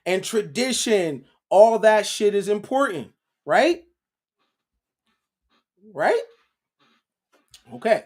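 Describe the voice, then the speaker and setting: A man's voice: high voice, big pitch swings. A man hosting a casual livestream, lecturing his viewers with a preachy run of rhetorical questions and repeated "right?" checks. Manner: slow and deliberate. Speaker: livestream host.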